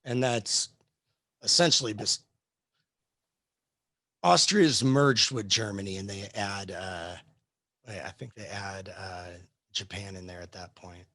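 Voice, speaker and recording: A man's voice: fairly low pitch, slow pace, pauses often, bright, forceful tone, no echo. A man teaching history in a casual live class discussion, rambling with many fillers and restarts.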